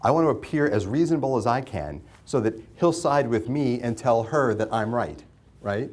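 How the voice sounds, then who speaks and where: A man's voice: mid-range voice, lively intonation, moderate pace, darkish tone. A man leads a classroom session on mediation. He talks in a conversational way, asks the class questions and repeats their answers back to them. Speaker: mediation instructor. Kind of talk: interactive classroom lecture.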